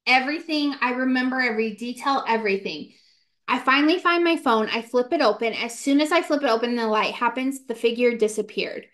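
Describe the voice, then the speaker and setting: A young woman in her twenties telling a ghost story in casual podcast chat, animated and full of "like" fillers. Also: on the high side. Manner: animated, fast, many "like" fillers, acts out quotes. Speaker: podcast co-host.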